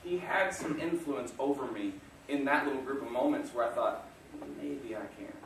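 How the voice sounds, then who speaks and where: A man's voice: medium pitch, moderate pace, a little hiss or hum. A man giving a motivational talk to an audience, telling self-deprecating stories and chuckling often. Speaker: guest speaker. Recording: echoey room, distant mic.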